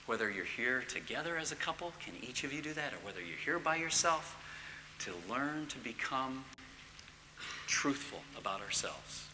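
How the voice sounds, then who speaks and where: A middle-aged man giving a church teaching talk, swinging from loud emphatic bursts to hushed near-whispers. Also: mid-range voice, animated, moderate pace, background noise. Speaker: marriage course speaker. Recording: long reverb in a large hall.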